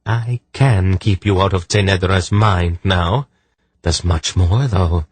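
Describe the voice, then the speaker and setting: A powerful, cool-headed sorceress, as a male narrator puts her on, speaking with frosty, implacable authority. Her husky voice stays close and dry in an audiobook reading. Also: low voice, slow, no room sound, heavily acted. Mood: commanding calm. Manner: cool, implacable, dryly amused. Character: commanding, calm, powerful woman sorceress.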